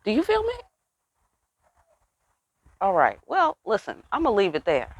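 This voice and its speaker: A mid-range voice with huge pitch swings delivers a casual spiritual reading on a tarot channel at a measured pace. It sounds dry and close, street-talking and profane, repeatedly asking listeners "you know what I'm saying?" and other rhetorical questions.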